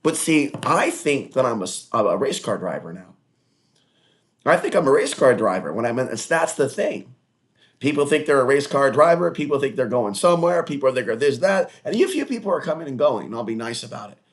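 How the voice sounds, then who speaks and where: A man delivering a loose, digressive monologue to his own online audience. He swears freely and drops in mocking asides. His voice sits at a middling pitch but leaps up and down with lively, animated inflection. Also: fairly quick. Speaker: solo online talk-show host. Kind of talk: rambling monologue.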